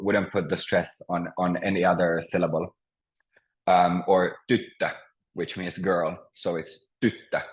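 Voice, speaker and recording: Patient, low-voiced man teaching online. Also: rough recording. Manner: patient, halting, many ums and restarts. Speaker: Finnish language teacher. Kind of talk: online class over video call. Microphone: computer mic on a video call.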